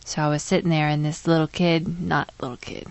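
A pregnant woman co-hosting a podcast, her voice a little low for a woman. She tells stories with animation, recorded dry and close with no room around her. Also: fairly quick, no room sound. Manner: animated storyteller. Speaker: podcast co-host. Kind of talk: casual chat.

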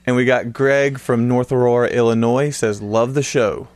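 A man's voice: mid-range voice, fairly even intonation, moderate pace, darkish tone, no room sound. Teasing man podcast co-host. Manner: teasing, matter-of-fact. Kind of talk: casual chat.

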